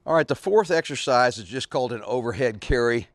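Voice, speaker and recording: A man's voice: medium pitch, lively intonation, a little fast, no room sound, studio quality. A man in his forties, a fitness coach, talking casually while demonstrating heavy carrying exercises outdoors, out of breath, grunting and sighing with effort between sentences. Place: outdoors in a backyard.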